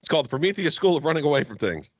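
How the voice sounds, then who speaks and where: A man from Florida co-hosting a podcast, ranting with heavy swearing and bursts of shouting. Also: on the high side, big pitch swings, rapid-fire, no room sound. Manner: profane, shouting rants. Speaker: podcast co-host. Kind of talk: comedic rant. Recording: slightly muffled, dry.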